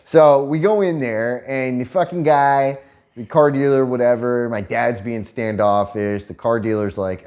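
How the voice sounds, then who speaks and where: A man's voice: medium pitch, fairly even intonation, unhurried, a little mellow. Guy telling a story to his partner, swears a lot, keeps laughing, regular mid voice. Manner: profane, laughs often while telling stories. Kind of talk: casual storytelling chat.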